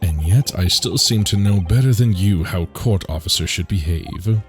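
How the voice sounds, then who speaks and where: A man's voice: low-pitched, moderate pace, soft background music, close to an everyday voice. A man reading as a sneering court officer. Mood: scornful. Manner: dismissive, sneering. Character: scornful male court officer.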